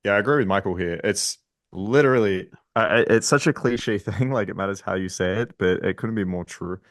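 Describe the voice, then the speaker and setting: A man's voice: lowish voice, a little fast. A man, a dating coach on a panel, explaining his approach bluntly and with lots of swearing. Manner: blunt, profane, emphatic. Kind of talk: panel discussion.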